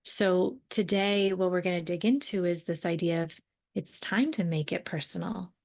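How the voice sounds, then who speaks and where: Youngish woman doing a solo podcast, lowish voice, earnest and chatty, lots of ums and restarts. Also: fairly even intonation, moderate pace, gravelly, a little mellow. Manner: earnest, conversational, with many fillers and rephrasings. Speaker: podcast host and mentor. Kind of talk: reflective solo podcast talk.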